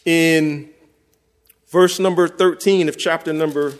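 A male preacher delivering a sermon in a relaxed, conversational way, with a voice pitched a bit high for a man. He slows down and weighs each word when reading scripture aloud. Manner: conversational, speaks directly to listeners; reads scripture slowly and deliberately.

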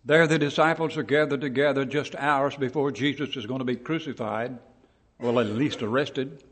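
A man preaching a sermon in a church, telling stories with dramatic build and shouting out quoted lines. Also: mid-range voice, steady tone, normal speed, big-room sound, a little hiss or hum.

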